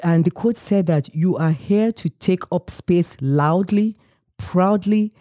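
A woman hosting a podcast interview, asking deliberate, appreciative questions. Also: fairly low pitch, mellow, dry recording, studio quality. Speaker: podcast host.

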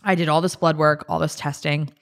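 This is a woman in her thirties with a notably low-pitched voice, chatting casually as a podcast co-host. She rambles through a personal story, leaning on "like" and slipping into quoted dialogue. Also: little pitch movement, a little fast. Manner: chatty, many fillers, acts out quotes.

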